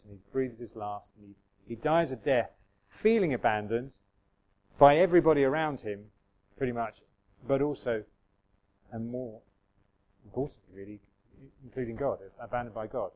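A man's voice: mid-range voice, normal speed, pauses often, darkish tone, poor audio. A man preaching a sermon in a conversational way, reading scripture aloud and musing with restarts and asides to the congregation.

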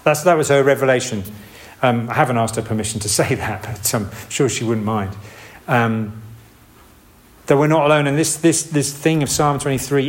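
A man's voice: medium pitch, moderate pace. Casual male preacher, rambling sermon, mid-range voice. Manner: conversational, rambling with restarts and asides. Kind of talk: informal sermon.

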